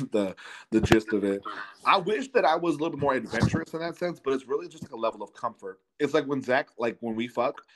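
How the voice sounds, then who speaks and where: A man co-hosting a casual chat, talking frankly and haltingly with light laughs. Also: mid-range voice. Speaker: podcast co-host.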